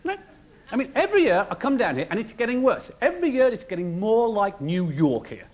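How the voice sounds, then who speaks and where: Animated comedian, high and lively. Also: male voice, a little fast. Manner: animated, mocking, shouts punchlines. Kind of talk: stand-up monologue. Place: studio with live audience. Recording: dull broadcast recording, loud audience.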